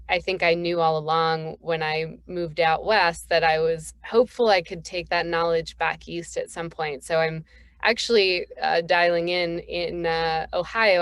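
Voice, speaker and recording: Low-voiced woman on a panel. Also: fairly bright tone, smooth, dry recording. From Boston, Northeast US. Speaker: panelist, company founder. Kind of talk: virtual panel introduction. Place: dialing in from the road.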